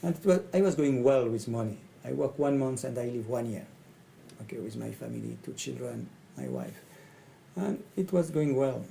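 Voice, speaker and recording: A middle-aged man from France with a French accent, a coach speaking in halting English and often repeating his phrases. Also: mid-range voice, big pitch swings, vocal fry, warm tone, slight background noise, poor audio. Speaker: coach and facilitator. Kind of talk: speaking to camera about his training.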